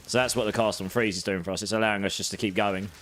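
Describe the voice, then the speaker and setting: A man's voice: on the low side, steady tone, rapid-fire, fairly bright tone, slight background noise. A man with a British accent, giving chatty, casual gameplay commentary and laughing often while talking to his chat. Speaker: game streamer.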